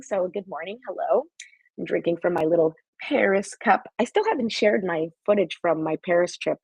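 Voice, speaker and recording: A woman's voice: lowish voice, lively intonation, moderate pace, gravelly, a little mellow, breathy edge, no room sound, low-quality recording. A woman hosting a live-streamed motivational talk as a life coach, chatty and encouraging as she talks straight to her viewers.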